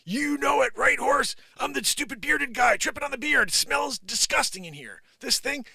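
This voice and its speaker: A man doing a squeaky rambling Amish elder. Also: moderate pace, vocal fry, no echo, full character voice. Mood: grumbling. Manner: rambling, high-pitched and excited. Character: bearded old Amish man, rambling and self-mocking. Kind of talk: improvised comedy bit.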